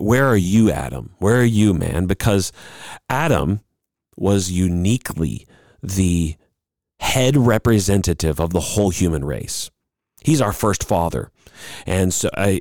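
A man preaches in a low-pitched, earnest voice, pausing between phrases and now and then acting out the lines he quotes. The sound is dry and close, with no room echo. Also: darkish tone. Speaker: pastor. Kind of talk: sermon.

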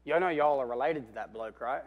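A man preaching a sermon, telling the story with animation and swinging between loud and hushed while calling out for amens. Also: mid-range voice, fairly quick, phone-quality sound. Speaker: pastor.

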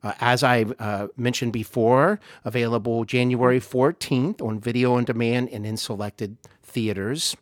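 A man hosting an interview podcast, speaking in a friendly, complimentary way and filling pauses with uhs. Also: mid-range voice, fairly even intonation, dry recording, clean studio sound. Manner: warm, complimentary, uses many uhs. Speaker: podcast host. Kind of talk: casual interview chat.

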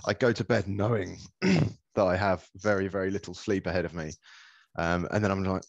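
Laid-back guy, low voice, dry close sound, wry podcast chat. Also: dry recording, highs cut off. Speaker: podcast co-host. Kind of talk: casual chat.

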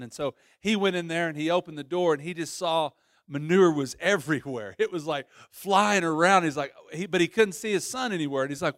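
A pastor preaching a sermon, telling a story with lively voices and frequent restarts. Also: male voice, on the high side, brisk, no room sound, studio quality.

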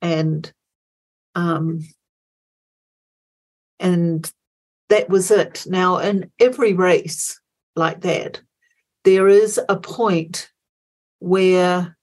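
Middle-aged woman guest, low-pitched and unhurried, hesitant storyteller with plenty of fillers. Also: fairly even intonation, darkish tone. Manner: hesitant, many fillers and restarts, acts out inner dialogue. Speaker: guest, former Olympic marathon runner. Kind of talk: interview storytelling.

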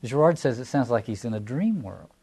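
Man, Southern American accent, mellow warm tone, thoughtful lecture, rhetorical questions. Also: medium pitch, animated, a little fast, gravelly, slightly rough. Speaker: lecturer on scripture. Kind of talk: reflective lecture.

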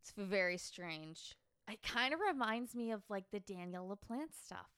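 A woman's voice: medium pitch, animated, moderate pace, sharp tone, clear, resonant tone, dry recording, studio quality. A woman co-hosting a true-crime podcast, chatting casually with lots of fillers and laughter before presenting the case. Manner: giggly, chatty, filler-heavy. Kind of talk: casual chat.

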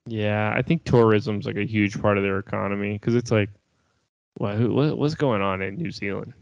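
A man's voice: lowish voice, steady tone, moderate pace, creaky, dry recording, lo-fi sound. A young man in casual chat, laid-back and swearing, laughing easily.

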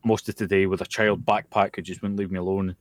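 Tired, sweary Scottish man, low voice. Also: level tone, fast, no room sound. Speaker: podcast co-host. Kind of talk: casual chat. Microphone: computer mic over a voice call.

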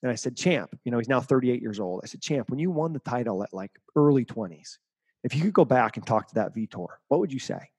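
A man's voice: medium pitch, lively intonation, fast talker, darkish tone, breathy edge, dry recording. Emphatic motivational man, dry sound. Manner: emphatic, repeats key phrases. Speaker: guest, mental performance coach. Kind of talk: interview answer, motivational.

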